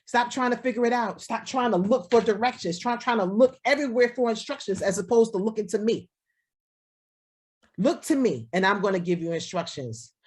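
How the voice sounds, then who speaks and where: A woman's voice: medium pitch, darkish tone. A woman pastor preaching a sermon over a video call, repeating lines and speaking as God in the first person.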